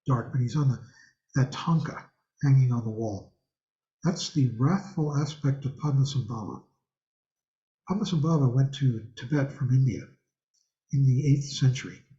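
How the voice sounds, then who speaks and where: Over a video call, an older man teaches Buddhism from a home room with a thangka on the wall, rambling conversationally and asking his class questions. His medium-pitched voice is warm and animated, moderately paced with frequent pauses. The audio sounds roomy and slightly dull.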